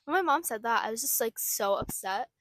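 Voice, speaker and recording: A woman's voice: fairly high pitch, expressive, a little fast, a bit bright, no room sound, studio quality. A young woman co-hosting a casual chat, agreeable and full of "like" fillers. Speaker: podcast co-host.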